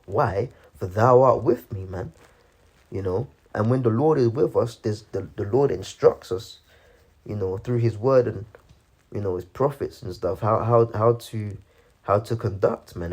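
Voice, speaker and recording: Low-voiced man preaching casually. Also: a little mellow, husky. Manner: halting, many restarts, keeps saying "man" and "you know". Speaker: religious commentator.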